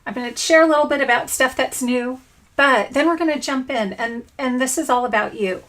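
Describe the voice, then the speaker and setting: A woman's voice: sits high, a little fast, a bit bright. A middle-aged woman hosting a casual scrapbooking livestream from her home craft room, bubbly and chatty as she greets viewers by name.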